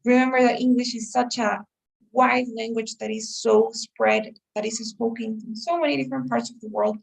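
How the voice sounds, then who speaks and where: A woman's voice: on the high side, steady tone, normal speed, vocal fry. A woman teaching an English test-prep class, explaining patiently and checking in with her students often. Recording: voice a little far from the mic.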